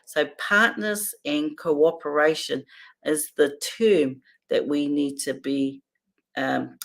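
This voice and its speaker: A woman's voice: low-pitched, slow. A woman hosting a casual livestream, chatting, reading viewer comments and laughing often between remarks. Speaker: livestream host.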